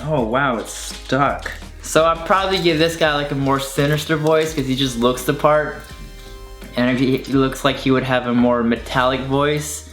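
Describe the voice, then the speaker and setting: A man's voice: medium pitch, a bit bright. A young man chatting casually and with enthusiasm about his childhood toys, rambling with lots of fillers. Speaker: online video creator. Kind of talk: casual chat showing toys. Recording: echoey room with faint music.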